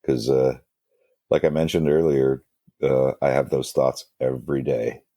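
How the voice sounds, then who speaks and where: Guest musician, man with a very low voice, loose and self-deprecating, plenty of ums; dry, close recording. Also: fairly even intonation, measured pace, mellow, no room sound. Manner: rambling, self-deprecating, many fillers and restarts. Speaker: guest musician, band singer. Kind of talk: casual storytelling interview.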